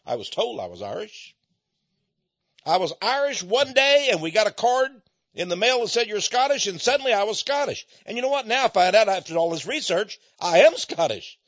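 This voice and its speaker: An American man delivering an emphatic lecturing monologue, repeating points and dropping between loud stresses and low asides. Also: big pitch swings, moderate pace, dry recording. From United States. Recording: dull lo-fi, dry recording.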